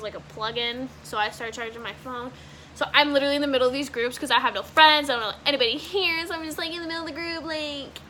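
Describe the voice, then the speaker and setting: High, bright-voiced young woman vlogger. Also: slight background noise. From Washington state, US. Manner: casual, rambling, heavy use of "like", swearing. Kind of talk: storytime vlog.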